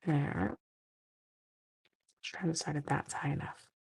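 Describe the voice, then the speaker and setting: A middle-aged woman from Canada chats playfully through a card-making livestream, her low voice gravelly and a little husky. She sounds tired but keeps talking to her viewers as she works. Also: little pitch movement, unhurried, darkish tone. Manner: playful, chatty, talks to viewers while working. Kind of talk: casual crafting livestream chat.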